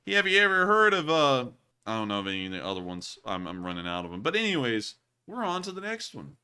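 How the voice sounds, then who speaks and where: A young man in his twenties with a Southern US accent, co-hosting a casual livestream and answering viewer questions, jokey and quick to laugh. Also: mid-range voice, clean tone. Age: 20s. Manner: jokey, excitable, laughs often. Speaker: co-host of a war news show. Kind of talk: casual livestream chat answering super chats.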